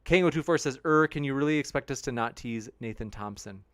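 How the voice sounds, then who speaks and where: A man's voice: mid-range voice, brisk, a bit bright, no room sound. A young man hosting a debate livestream, reading viewer comments aloud and answering them, with sarcastic mocking voices for his critics. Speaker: debate channel host.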